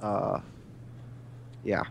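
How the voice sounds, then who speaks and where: A man's voice: extremely slow, a little hiss or hum. A man playing a tabletop role-playing game, casual and terse. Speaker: player.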